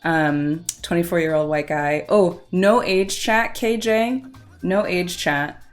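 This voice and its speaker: Woman streamer, slightly low pitch, casual and giggly, reading chat aloud; faint music underneath. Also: takes it slowly. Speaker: Twitch streamer.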